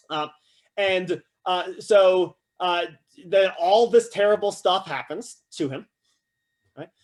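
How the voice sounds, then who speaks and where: A man giving a casual, animated philosophy lecture to a class, often checking in with "right?" and acting out quotes with humor. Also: high voice. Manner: acts out quoted voices with humor.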